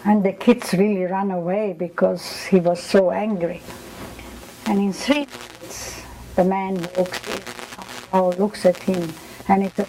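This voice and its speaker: A woman's voice: mid-range voice, measured pace, a little hiss or hum, poor audio. An older woman, recounting memories in an oral history interview and acting out the people she quotes. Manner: animated storytelling, acts out quoted voices.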